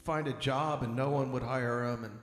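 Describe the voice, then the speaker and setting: Male host, mid pitch, rambling fillers, laughs at own jokes; roomy space with long reverb. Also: steady tone, moderate pace. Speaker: host of an online music show. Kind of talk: casual joke-telling and chat. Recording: roomy echo with long reverb, faint music.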